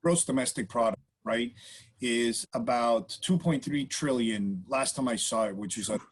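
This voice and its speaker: A man's voice: mid-range voice, normal speed, slightly rough, rough recording. A man as a podcast guest, explaining in casual interview talk and checking in with frequent "right?" and "you know" tags.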